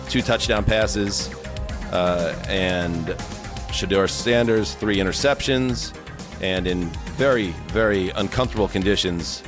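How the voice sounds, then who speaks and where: A man hosting a sports podcast, chatting casually and jokily with many fillers. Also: low-pitched. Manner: relaxed, many fillers, jokey. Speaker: podcast host.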